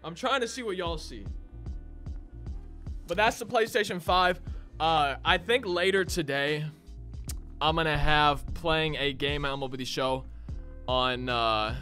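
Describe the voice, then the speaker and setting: A man's voice: on the high side, unhurried, pauses often, pushed and bright, soft background music. A young man chatting casually to viewers as he unboxes a console, a bit out of breath. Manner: chatty, talks to viewers as y'all. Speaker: gaming YouTuber.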